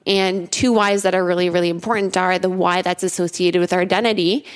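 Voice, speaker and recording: A young adult woman coaching in a casual podcast chat, earnest and full of "you know"s. Her voice sits a little low for a woman. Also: fairly even intonation, fairly quick, clean tone. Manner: earnest, repeats words, many "you know"s. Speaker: fitness coach, podcast co-host.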